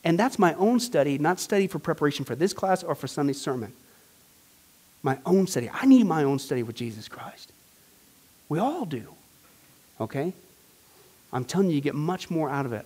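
Pastor guy teaching bible class, high voice, gets really emphatic and repeats stuff. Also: moderate pace, pauses often, slightly rough. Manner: animated and emphatic, with exclamations and repetition.

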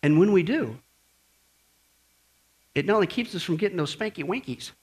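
A man's voice: high-pitched, lively intonation, moderate pace, husky. A male pastor preaching an emphatic sermon and quizzing the congregation.

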